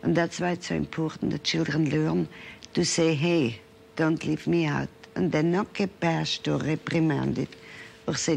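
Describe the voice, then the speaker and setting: Gravelly-voiced woman lecturing. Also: low-pitched, steady tone, a little slow, darkish tone, a little hiss or hum. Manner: earnest storytelling, checks in with the audience. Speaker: psychiatrist lecturer. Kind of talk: lecture with case stories.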